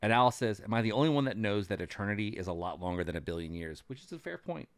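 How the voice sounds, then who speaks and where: A man co-hosting a podcast, retelling events casually with an animated storytelling manner and frequent ums. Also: fairly low pitch, fast talker, dry recording. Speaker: podcast co-host recapping as a cast member. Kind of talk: casual chat.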